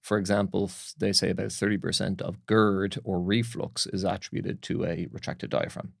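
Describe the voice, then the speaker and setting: A man who is a breath coach, speaking as a podcast guest in a calm, instructive way with anecdotes. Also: sits low, moderate pace, creaky, dry recording, studio quality. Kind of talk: explanatory interview talk.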